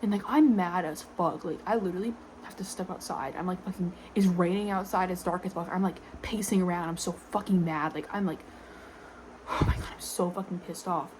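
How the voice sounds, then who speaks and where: A young woman ranting casually to camera, exasperated and swearing, filling every pause with "like" and frequent sighs. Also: on the low side, darkish tone, a little hiss or hum, poor audio. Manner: exasperated, swearing, constant "like" fillers, sighing. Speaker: vlogger.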